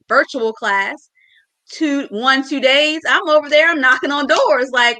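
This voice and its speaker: A woman teacher talking as a guest over a video call, telling a story lively and acting out the dialogue. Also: sits high, normal speed. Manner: animated, acts out dialogue. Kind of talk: casual storytelling.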